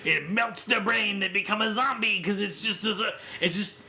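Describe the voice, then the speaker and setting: This film-podcast co-host has a gravelly voice that sits high and a moderate pace. Casual and animated, he plays out scenes by quoting them.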